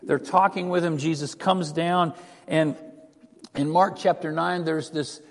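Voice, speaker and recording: A man preaches an animated, chatty sermon full of asides, his voice a little higher than most men's. A long reverb hangs on his words, as if he were in a large church sanctuary. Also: measured pace. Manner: animated, conversational, digressive. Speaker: pastor.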